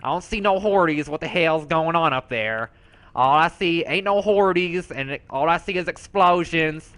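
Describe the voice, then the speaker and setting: A man's voice: a little high, a little slow, a bit bright, clean tone. A man voicing a sassy, foul-mouthed rogue character, telling a brash, slangy, profane story as comedic commentary.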